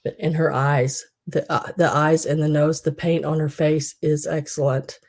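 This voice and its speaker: Low, mellow-voiced woman selling collectibles. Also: flat delivery, moderate pace. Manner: chatty and rambling, many fillers. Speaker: live online sale host. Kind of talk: casual live-sale chat.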